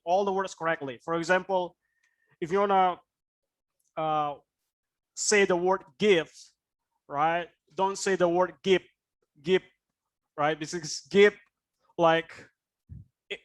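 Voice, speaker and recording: Guy teaching ielts speaking on a video call, pretty high voice, keeps asking "right?". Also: a bit bright. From Indonesia. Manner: explanatory, with frequent "right?" tag questions. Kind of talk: online class teaching.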